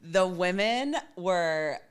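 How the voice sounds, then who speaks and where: Give me an upbeat woman from Iowa in casual podcast chat, with a lower voice. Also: very slow, clean tone. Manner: upbeat, animated storyteller.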